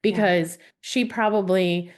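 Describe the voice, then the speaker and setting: A woman's voice: medium pitch, steady tone, takes it slowly. Chatty woman podcast host. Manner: chatty, laughs often, acts out quotes. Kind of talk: casual interview chat.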